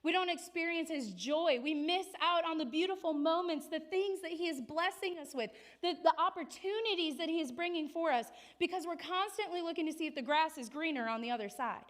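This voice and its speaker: High-voiced woman preaching. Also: brisk, few pauses. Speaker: pastor. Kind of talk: sermon with dramatic storytelling.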